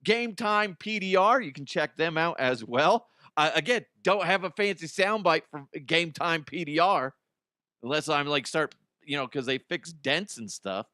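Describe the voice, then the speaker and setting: Guy hosting a comedy podcast, a bit high voice, swears a ton, laughs at his own bits, dry studio sound. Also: normal speed, no echo. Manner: animated, swears a lot, laughs at own jokes. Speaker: podcast host. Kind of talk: casual comedic monologue.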